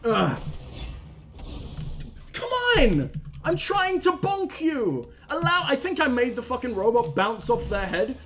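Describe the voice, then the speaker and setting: A man's voice: high-pitched, fairly bright tone. A young man commentating his own gameplay, self-mocking and swearing, with sudden yelps when he fails. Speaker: gaming channel host. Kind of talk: let's play commentary.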